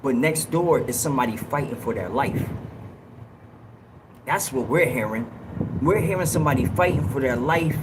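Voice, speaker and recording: A man hosting a livestream, telling a story in a casual, slangy, animated way and acting out what people said. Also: medium pitch, moderate pace, pauses often, noisy background. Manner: animated, slangy, acts out quotes in raised yells. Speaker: livestream host.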